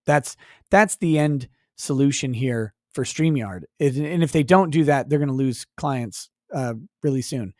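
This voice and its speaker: A man's voice: medium pitch, unhurried, darkish tone, no echo, clean studio sound. A man hosting a live stream, reading chat aloud and going on profane mock rants. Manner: profane, mock-ranting at chatters. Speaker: livestream host.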